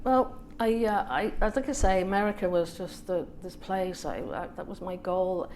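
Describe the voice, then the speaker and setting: A woman from England, a guest author at a small event, telling a lively story with laughs and acted-out quotes. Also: lowish voice, normal speed, a little hiss or hum. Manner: lively anecdotal, laughs often, acts out quotes. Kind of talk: storytelling on a panel.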